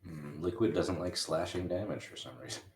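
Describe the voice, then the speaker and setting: A man's voice: low voice, brisk, darkish tone, echoey room. A man playing a tabletop game, joking in a dry, wry way. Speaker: player. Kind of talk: casual tabletop play.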